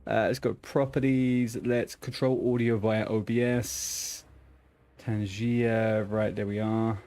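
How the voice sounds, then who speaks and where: A man's voice: fairly low pitch, little pitch movement, slow pace, warm tone. A man streaming a game, chatting casually to viewers, swearing often and restarting his sentences. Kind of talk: casual live-stream chat.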